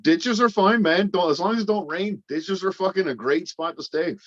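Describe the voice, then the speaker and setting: A man telling rough stories in a casual livestream chat, rambling and swearing heavily. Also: high voice, moderate pace, fairly bright tone, no room sound. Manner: rambling, heavy swearing, blunt storytelling. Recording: dry, slightly dull call audio.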